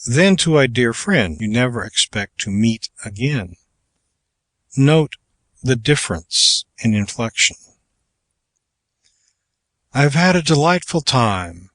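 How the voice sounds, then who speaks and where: A man giving a measured, even scripted narration of a public speaking manual, as an audiobook narrator. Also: medium pitch, no room sound.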